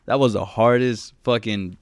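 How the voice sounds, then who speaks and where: A man's voice: lowish voice, normal speed, no room sound, studio quality. A man co-hosting a podcast, chatting casually and swearing a lot, telling stories and acting out what people said. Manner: animated storyteller, swears, acts out shouted quotes. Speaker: podcast co-host. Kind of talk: casual chat.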